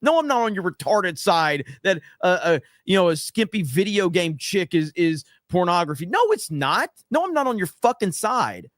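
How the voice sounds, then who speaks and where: A man's voice: high-pitched, very animated, moderate pace, few pauses, fairly bright tone, no room sound, clean studio sound. A man hosting a casual livestream, reading viewer super chats aloud and ranting in a brash, profane, emphatic way. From United States.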